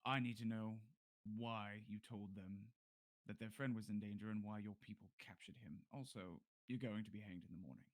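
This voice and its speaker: A man's voice: lowish voice, steady tone, normal speed, no room sound, natural voice. A man voicing a stern male guard captain who questions prisoners politely but firmly. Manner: polite but firm interrogator.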